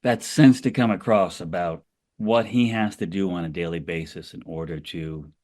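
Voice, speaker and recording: Very deep-voiced author guest man. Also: normal speed, darkish tone. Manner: thoughtful, rambling with restarts and "you know". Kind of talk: podcast interview.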